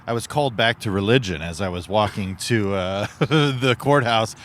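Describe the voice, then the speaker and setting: A man's voice: on the low side, moderate pace, a bit bright, slight background noise. A man co-hosting a comedy podcast in casual chat, joking and laid-back. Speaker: podcast co-host and announcer.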